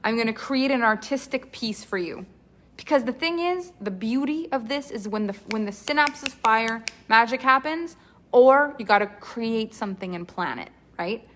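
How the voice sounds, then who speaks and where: A woman's voice: on the high side, lively intonation, moderate pace, a bit bright. A woman coaching voice acting in a live online class, talking in an enthusiastic, chatty, rambling way.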